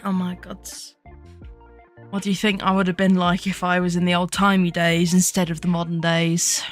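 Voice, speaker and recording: A woman's voice: lowish voice, completely flat delivery, moderate pace, soft background music. A young woman streaming as a VTuber, chatting casually while she draws, giggling often, swearing freely and poking fun at herself. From United Kingdom.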